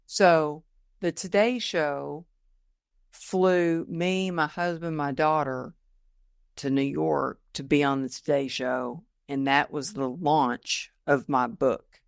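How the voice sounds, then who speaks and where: A woman guest on a podcast, telling her story in a casual, lively way and acting out the people she quotes. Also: low-pitched, slow pace, creaky, dry recording, clean studio sound. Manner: lively storyteller who acts out quoted dialogue. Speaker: podcast guest, motivational speaker.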